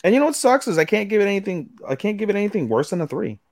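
A man's voice: sits high, sing-song, rapid-fire, creaky, darkish tone, no room sound, studio quality. A man co-hosting a podcast, chatting casually and giving blunt opinions with some swearing. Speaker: podcast co-host. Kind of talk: casual chat.

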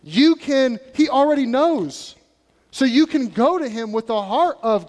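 A male pastor with a notably high voice preaches in a lively, conversational way, breaking into acted asides. His words carry a long reverb through the church sanctuary. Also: a little slow. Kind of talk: sermon.

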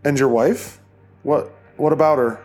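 A man's voice: mid-range voice, steady tone, a little slow, darkish tone, soft background music, pitched above the performer's own voice, natural voice. A man voicing a terrified middle-aged man in an audiobook, stammering and pleading in a raised, strained voice.

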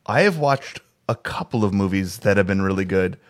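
A man's voice: low voice, animated, moderate pace. A man co-hosting a casual podcast chat over a video call, rambling with many restarts. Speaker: podcast co-host.

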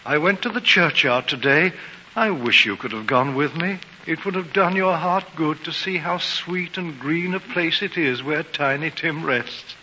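A gentle, fatherly poor clerk. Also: on the high side, measured pace. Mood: grieving. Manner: warm, fatherly, soft-spoken. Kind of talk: 1940s radio acting. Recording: dull hissy broadcast with long reverb.

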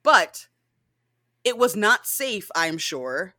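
A woman talking in a bright, forceful voice, heated and animated, with lots of "like" and "right?" and free swearing. She sounds close to the mic in a dry space with no room echo. This is casual podcast chat from a co-host reviewing a show. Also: mid-range voice, very slow. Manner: animated, profane, frequent "like" and "right?".

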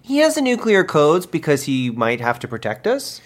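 A man co-hosts a comedy podcast and rants with petty, blunt indignation. His pitch swings up and down as he talks. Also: wildly swooping pitch, moderate pace. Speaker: podcast co-host.

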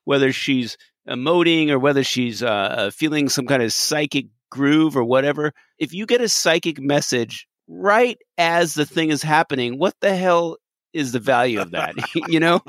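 A man co-hosting a casual chat. He rants with energy, laughs easily, and talks in a somewhat high voice, recorded close and dry with no room sound. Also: animated, moderate pace, fairly bright tone, dry recording. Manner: enthusiastic, ranting, laughs often. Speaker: podcast co-host. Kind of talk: casual chat reviewing a TV episode.

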